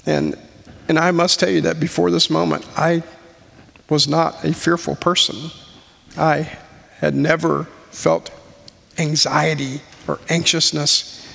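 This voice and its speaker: Man, 40s, earnest testimony speaker, measured pauses, fry in the voice. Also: on the high side, fairly bright tone. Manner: earnest, slow storytelling with pauses. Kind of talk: sermon-style personal testimony. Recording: long hall reverb.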